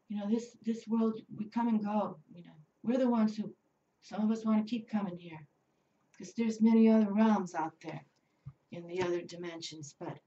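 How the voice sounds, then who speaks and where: A woman's voice: medium pitch, mellow. A woman doing a tarot reading on video, talking casually and often adding "you know" and "okay?". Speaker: tarot reader. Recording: slightly distant, dull lo-fi sound.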